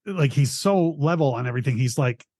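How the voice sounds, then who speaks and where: A man in casual podcast chat, halting and filling gaps with "like". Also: medium pitch, animated, a little mellow, no echo, clean studio sound. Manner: filler-heavy, halting. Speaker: podcast guest.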